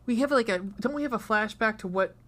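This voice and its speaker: A woman's voice: a little high, a little fast. A woman co-hosting a casual podcast chat, rambling and swearing freely as she laughs through her notes. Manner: rambling, profane, laughs often. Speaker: podcast co-host. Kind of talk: casual chat comparing book and movie.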